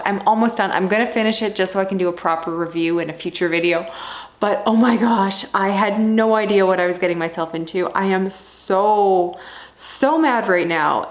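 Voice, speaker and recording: Echoey young woman ranting about books. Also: mid-range voice. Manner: animated, exasperated ranting. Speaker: book vlogger. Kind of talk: casual reading vlog.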